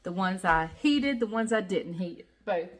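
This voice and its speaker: A woman's voice: medium pitch, lively intonation, measured pace, slight background noise. A woman with a Southern US accent hosting a casual home cooking vlog from her kitchen, chatty and folksy, laughing often. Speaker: cooking channel host.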